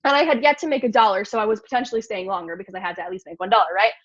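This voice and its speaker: A woman telling a story to a group in a casual, animated way, full of fillers like "like". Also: medium pitch, very fast, no room sound. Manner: animated, filler-heavy, lots of "like". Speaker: speaker at a mindset meeting. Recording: dry, dull lo-fi sound.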